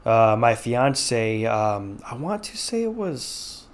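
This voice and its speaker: A man's voice: medium pitch, very animated, slow pace. A man chatting as a podcast guest in an easygoing, agreeable way, often saying "you know". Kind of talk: casual conversation.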